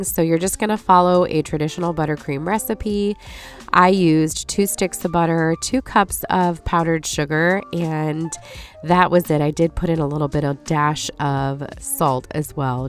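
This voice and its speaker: Woman, forties, nasal stuffy voice, low pitch, chatty home recipe voice-over, light music behind. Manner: chatty, apologetic, warm asides to viewers. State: nasal from allergies. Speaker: lifestyle channel host. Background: soft background music.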